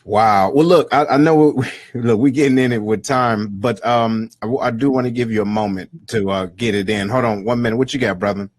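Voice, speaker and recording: A man hosting an interview in a relaxed way, affirming his guest and repeating phrases for emphasis. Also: medium pitch, brisk, hardly any pauses, no room sound, studio quality. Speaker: host. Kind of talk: casual interview talk.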